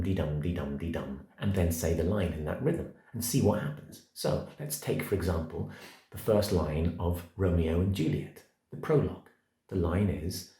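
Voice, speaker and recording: A middle-aged man with a low, mellow voice teaches an acting masterclass as its coach, his words echoing around the room. He emphatically spells words out one at a time, stresses individual words, and taps out the rhythms of verse.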